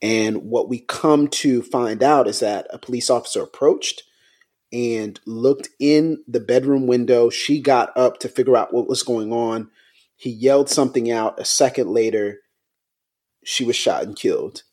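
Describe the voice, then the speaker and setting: A man co-hosting a podcast in a casual, conversational way, his voice sitting at an ordinary middle pitch. He speaks with raw emotion and frustration, and his sentences stop, restart and trail off as he searches for words. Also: unhurried, a little mellow. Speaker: podcast co-host.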